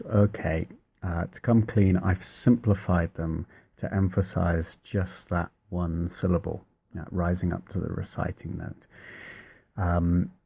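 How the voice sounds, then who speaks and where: A man giving an informal spoken lesson on church chant, thoughtful and hesitant, pausing often to find his words. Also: low voice, creaky, warm tone, husky. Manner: thoughtful, hesitant, many pauses and fillers. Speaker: church music teacher.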